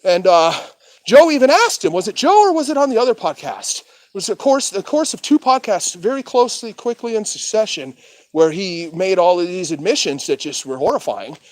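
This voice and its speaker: A man's voice: sits high, sing-song, moderate pace, dry recording. A man vlogging in a casual rant, crude and full of swearing, with laughs between remarks. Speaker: street vlogger.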